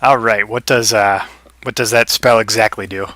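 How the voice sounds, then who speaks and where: A man's voice: fairly low pitch, steady tone, normal speed, pushed and bright, a little hiss or hum. A man running a tabletop game as game master, narrating and playfully teasing the players about their rolls.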